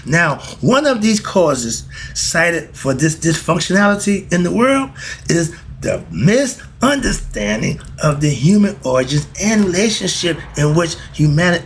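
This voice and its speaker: A man reading a text aloud and breaking off into loud, animated asides and commentary. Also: on the high side, moderate pace, slight background noise. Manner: animated, interrupts his own reading with asides and laughs. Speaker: host.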